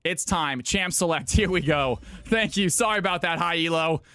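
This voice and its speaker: A man hosting a live stream of viewer games, hyping up his chat with excitable shouting and cheering. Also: a little high, normal speed, clean tone, no room sound. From California. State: out of breath. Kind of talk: live-stream hype commentary.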